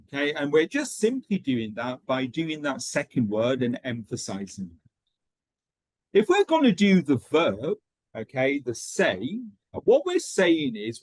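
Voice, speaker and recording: Lively male teacher trainer, husky voice. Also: a little high, no room sound. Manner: lively, checks in with frequent "okay". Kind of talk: online training lesson.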